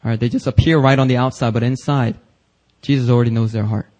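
A man's voice: medium pitch, fairly even intonation, quick pace, a little mellow, rough recording. A man preaching a church sermon, emphatic and casual, with slang and rising intensity on quoted passages. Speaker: pastor. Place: church service.

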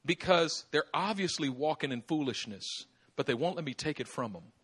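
A man preaching a sermon as pastor, acting out little dialogues with laughter and sudden shouts. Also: a little high, lively intonation, moderate pace, breathy edge. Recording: live church service.

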